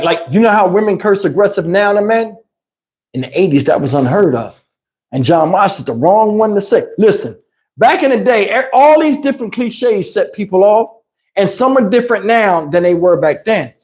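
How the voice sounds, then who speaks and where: Male livestream host, high-pitched, animated storyteller, swears freely. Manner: animated, profane, laughs mid-story. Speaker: channel host.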